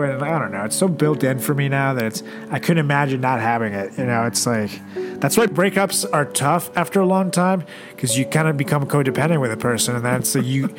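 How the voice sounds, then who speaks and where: A man co-hosting a casual talk show, laid-back and animated, swearing often as he tells stories. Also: medium pitch. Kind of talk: casual chat.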